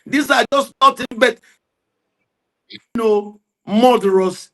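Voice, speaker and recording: A man giving heated political commentary, forceful and repetitive as he argues. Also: very high voice, slow pace.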